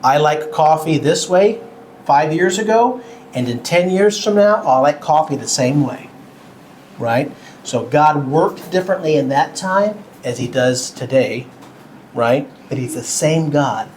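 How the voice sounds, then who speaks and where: A man teaching a Bible lesson to children at home, talking slowly and simply, a bit cartoonish, and asking the kids questions. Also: on the high side, lively intonation, a little mellow, slight background noise, rough recording.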